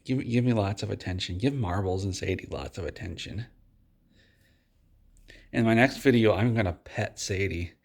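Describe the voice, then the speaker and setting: Gravelly man spinning a deadpan tall tale. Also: fairly low pitch, moderate pace, long pauses. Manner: deadpan, rambling with restarts. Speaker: video host. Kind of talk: absurd tall-tale storytelling.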